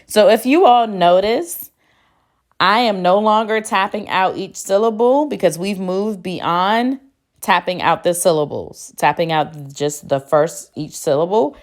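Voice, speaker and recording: A woman teacher giving a phonics spelling lesson, speaking slowly and deliberately and spelling words out letter by letter. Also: mid-range voice. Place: classroom.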